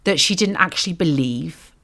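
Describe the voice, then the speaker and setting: Reflective Welsh woman, lowish voice. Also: expressive, normal speed, a bit bright. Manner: reflective, teaching tone, frequent ums and asides. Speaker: podcast co-host. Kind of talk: faith podcast conversation.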